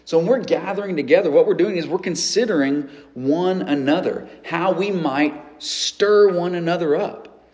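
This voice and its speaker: A pastor preaching a sermon in a conversational way, with everyday examples and frequent restarts. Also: male voice, on the high side, moderate pace, a little mellow.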